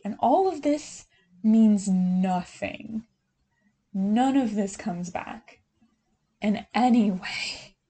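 A young woman co-hosts a podcast, recapping a TV series in casual, animated chat and laughing often. Her voice is mid-range and mellow.

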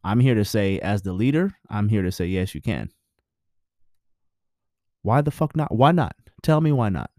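A man's voice: fairly low pitch, lively intonation, a little fast, hardly any pauses, a little mellow, no room sound, clean studio sound. A married man giving his views in a blunt, preachy, profane casual monologue.

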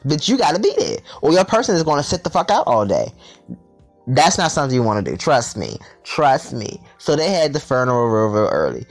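Animated, profane man telling a story. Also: a little high, quick pace, soft background music. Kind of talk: storytime vlog monologue.

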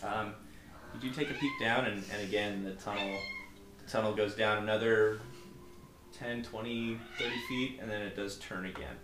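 A man narrating a tabletop game as game master, halting and hesitant, with frequent ums and restarts. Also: fairly low pitch, steady tone, roomy sound, noisy background.

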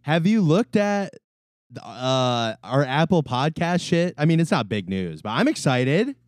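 A man in casual podcast chat, his pitch swooping up and down as he rants and laughs at himself. He curses freely and talks in an animated way. The sound is dry and close. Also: a little slow, no room sound. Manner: animated, swearing, self-deprecating, laughs often. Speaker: podcast co-host.

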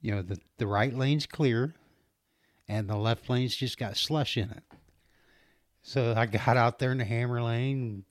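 A man's voice: medium pitch, unhurried, pauses often, no room sound, studio quality. A middle-aged man casually telling a rambling story about his trucking job, laughing often and restarting his sentences.

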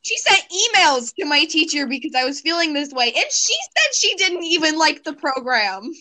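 A woman's voice: sits high, sing-song, moderate pace, pushed and bright. A teenage girl hosting a casual chat with friends, earnestly recounting personal memories. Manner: earnest, reflective storytelling with frequent laughs. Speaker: podcast host.

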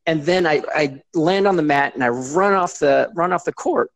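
A man, a guest on a talk show, recounting a past injury in plain, steady speech. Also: fairly high pitch, moderate pace, gravelly, no echo. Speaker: guest, former mascot performer. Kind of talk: casual interview storytelling.

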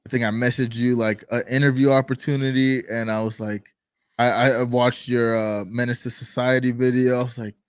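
A man's voice: medium pitch, little pitch movement, brisk, clean tone, no echo. Laid-back slangy male co-host. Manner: slangy and laid-back, trails off mid-sentence. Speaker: podcast co-host. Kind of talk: casual chat.

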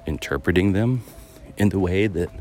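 A man's voice: deep voice, animated, moderate pace, a little mellow, a little hiss or hum. A man hosting a podcast, talking in a loose, rambling reflective monologue while out walking his dog, with many fillers and restarts. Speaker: podcast host. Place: outdoors, walking a dog through a neighborhood.

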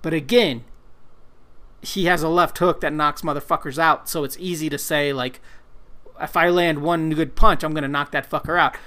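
A man talks loosely on a podcast, rambling, cursing freely and running himself down. His voice sits a touch high for a man. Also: fairly even intonation, moderate pace, pushed and bright. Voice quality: rambling, profane, self-deprecating. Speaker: podcast co-host, comic colorist. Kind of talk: casual podcast chat.

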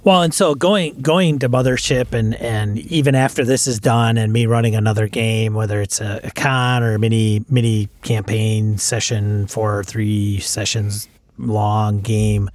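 A man's voice: lowish voice, steady tone, measured pace, a little mellow, dry recording. A man chatting casually about the tabletop games he wants to run, thoughtful and rambling, with frequent restarts. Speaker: podcast co-host, game master.

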